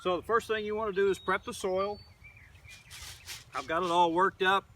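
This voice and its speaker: An older man from Oklahoma teaches middle schoolers outdoors in his garden, rambling casually and using many fillers. He talks at a moderate pace in a high, steady voice that sounds pushed and bright; the mic is distant, with faint outdoor noise.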